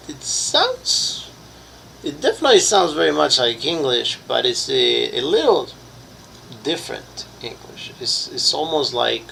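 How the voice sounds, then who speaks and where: Slow, gravelly game master. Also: male voice, mid-range voice, pushed and bright, a little hiss or hum, rough recording. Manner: halting, searching for words with many fillers. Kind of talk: narrating a tabletop game.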